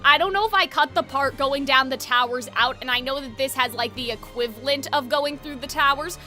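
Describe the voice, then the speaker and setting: A woman's voice: sits high, fairly quick, pushed and bright, faint music behind. A young woman streaming a game live, chatting casually with her viewers, giggling and using plenty of fillers.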